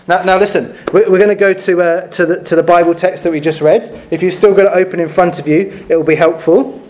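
A high-pitched man leads a children's talk in church, playfully coaxing everyone to join in. His voice rings around an echoey church room. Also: fairly quick, hardly any pauses, darkish tone. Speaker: preacher.

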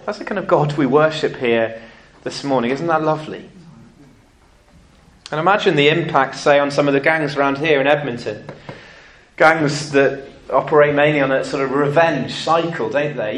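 A man preaching a sermon, telling stories lively and acting out what people said. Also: a little high, normal speed. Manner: lively storytelling, acting out quotes.

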